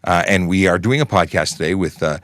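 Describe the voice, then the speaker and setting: A man's voice: deep voice, brisk, fairly bright tone, no echo, studio quality. A man in his forties, a police constable hosting a casual livestream Q&A, talking in a chatty, rambling way with joking asides and restarts. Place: podcasting station in a studio.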